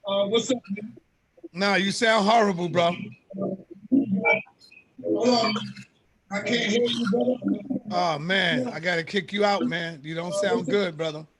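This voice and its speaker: A man hosting a live call-in stream, briskly handling callers and calling them brother. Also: sits high, a bit bright, breathy edge. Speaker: host.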